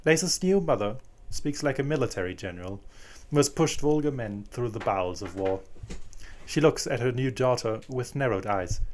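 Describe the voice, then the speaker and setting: A man's voice: medium pitch, lively intonation, normal speed, slight background noise. A man narrating a fan fiction story aloud, reading plainly with small restarts.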